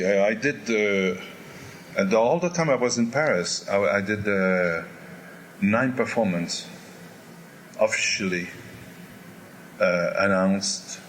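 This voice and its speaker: Older man telling animated stories. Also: lowish voice, slight background noise. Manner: animated storyteller who imitates crowd noises. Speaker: opera singer telling stories. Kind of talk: candid interview anecdotes.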